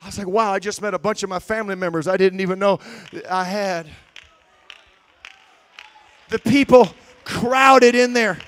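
A man preaching a sermon, telling stories with swings between shouts and quiet asides. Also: high-pitched, normal speed, long pauses. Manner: shouting, animated storytelling with swings from loud to quiet.

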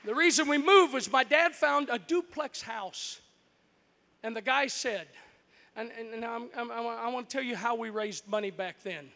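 A man from Florida preaches in a very high, bright voice, spinning stories and rising into shouts at the peaks. The sound rings out across a large, echoing hall. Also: normal speed. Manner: animated, breaks into shouts at story peaks. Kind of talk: storytelling sermon.

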